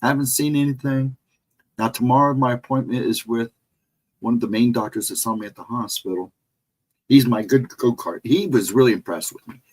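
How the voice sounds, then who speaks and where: A man's voice: medium pitch, brisk, rough recording. A middle-aged man telling a spooky personal story in casual talk. He rambles, restarts his sentences and retraces every turn of the way step by step. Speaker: guest storyteller on a paranormal talk show.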